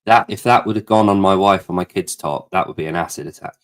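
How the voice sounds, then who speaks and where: A man's voice: deep voice, quick pace. A man co-hosting a live podcast, rambling, jokey and swearing freely in casual chat. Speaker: podcast co-host.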